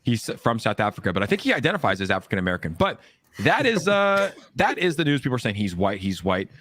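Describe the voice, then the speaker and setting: A man's voice: mid-range voice, very animated, fast, fairly bright tone, a little hiss or hum. A man hosting a casual livestream chat, talkative and opinionated, often ending his points with "right?". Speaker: host.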